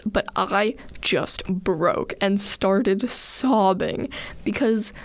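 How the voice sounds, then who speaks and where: Casual storyteller: a woman with a creaky voice, earnest and chatty, dry close sound. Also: mid-range voice, no echo. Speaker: student leader on a radio student segment.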